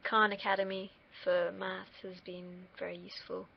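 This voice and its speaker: Gravelly young woman rambling. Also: fairly low pitch, little pitch movement, normal speed, muffled recording, slight background noise. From United Kingdom. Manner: rambling, self-deprecating, swears casually. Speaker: student vlogger. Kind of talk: casual rambling monologue.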